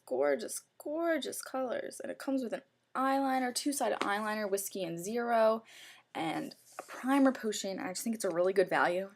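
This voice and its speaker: Gushing young woman vlogger. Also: mid-range voice. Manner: gushing, chatty, heavy use of "like". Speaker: beauty vlogger. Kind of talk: casual makeup review.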